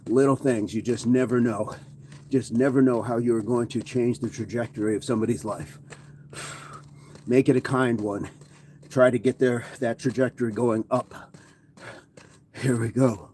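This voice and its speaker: A man's voice: medium pitch, steady tone, moderate pace, a little mellow, a little hiss or hum. A man hosting a live workout stream, counting reps, reading chat and greeting viewers between sets, often out of breath and sighing. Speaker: fitness livestream host.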